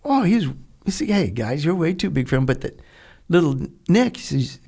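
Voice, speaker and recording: Gravelly older man telling a war-veteran story. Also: fairly high pitch, brisk. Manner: animated storyteller, acts out dialogue, laughs often. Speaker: guest, retired Navy SEAL. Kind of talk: storytelling in a podcast interview.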